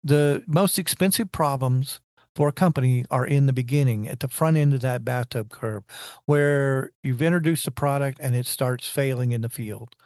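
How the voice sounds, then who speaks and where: A man's voice: medium pitch, moderate pace, a little mellow, dry recording, studio quality. A man in casual technical conversation, rambling and restarting his sentences as he explains engineering ideas.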